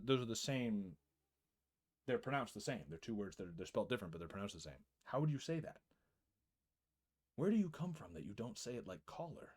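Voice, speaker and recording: A young man streaming a game, chatting casually and reading narration, an animated storyteller who laughs often and swears freely. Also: medium pitch. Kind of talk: casual live-stream chat and game read-through.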